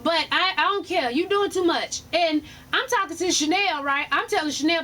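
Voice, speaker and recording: A woman vlogger telling a profane, animated story in a casual storytime rant, laughing as she goes. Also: extremely high pitch, normal speed, hardly any pauses, a little hiss or hum.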